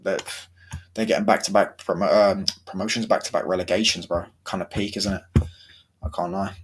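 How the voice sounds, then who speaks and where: A man's voice: low-pitched, steady tone, brisk, a little hiss or hum. A young man chatting casually about football, full of slang and swearing, his throat sore. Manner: slangy, swearing, laid-back banter. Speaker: football vlogger.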